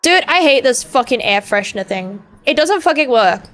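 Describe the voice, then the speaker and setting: A woman's voice: high-pitched, animated, normal speed, a bit bright. Sweary rambling streamer woman. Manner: rambling, sweary ranting with lots of fillers. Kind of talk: casual gaming stream chat. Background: faint game music.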